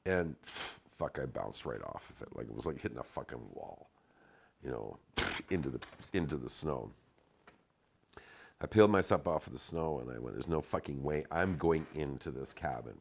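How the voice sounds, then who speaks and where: A man's voice: low-pitched, creaky. A middle-aged man telling a story in casual speech, swearing often and acting out the dialogue in a raised voice.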